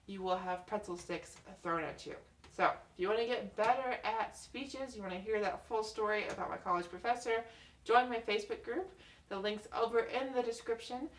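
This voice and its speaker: A woman's voice: medium pitch, fairly bright tone, recorded from a distance. A young woman tutoring on study skills in a casual, chatty way, often checking in with "okay?". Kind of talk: casual video tips. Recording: roomy echo, mic set back.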